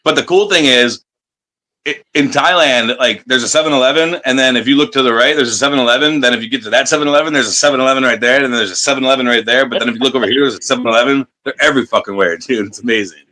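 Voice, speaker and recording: A man's voice: mid-range voice, racing, pushed and bright. A man telling wrestling road stories on a podcast in a loose, profane way, laughing often. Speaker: wrestler guest. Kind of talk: casual storytelling interview.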